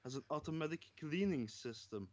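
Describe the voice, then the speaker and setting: A man's voice: on the high side, animated, a little fast, a little mellow, dry recording. A man co-hosting a comedy podcast, reading news articles aloud and laughing through them. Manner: reads headlines, breaks into laughter. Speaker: podcast co-host. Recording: dull lo-fi podcast audio.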